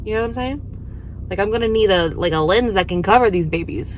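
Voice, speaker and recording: A woman's voice: medium pitch, a little fast, a little hiss or hum. Chatty, blunt woman vlogging her day. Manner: chatty, blunt, swears freely. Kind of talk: casual day-in-my-life vlog.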